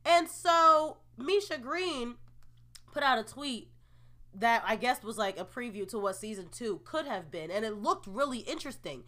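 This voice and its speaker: A young woman hosting a casual solo podcast, opinionated and expressive, groaning in disgust and laughing in disbelief as she reacts to the news. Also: fairly high pitch, normal speed. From New Jersey, USA. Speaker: podcast host.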